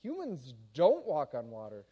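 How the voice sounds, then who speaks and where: A man voicing an eager, impulsive young male apostle in a retold scripture story, speaking in excited exclamations. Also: on the high side, a little slow, husky, heavily acted. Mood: anxious.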